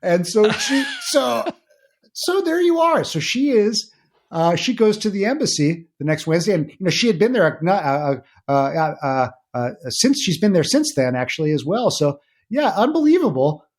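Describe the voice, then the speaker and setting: A middle-aged man with a fairly high voice tells family stories as a podcast guest. He is animated and halting, full of fillers and restarts, and his pitch climbs when he gets excited. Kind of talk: casual interview storytelling.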